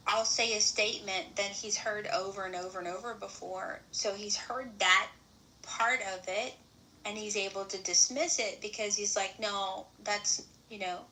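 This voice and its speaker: A woman's voice: mid-range voice, sharp tone, slight background noise, rough recording. A woman hosting a casual political chat, asking questions in a conversational way.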